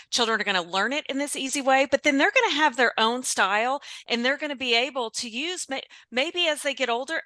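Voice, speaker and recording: Woman panelist, fairly high, bright tone, friendly explainer on a call. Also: no echo. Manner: friendly, explanatory, hands off to colleague. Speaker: literacy educator. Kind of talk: conversational panel discussion.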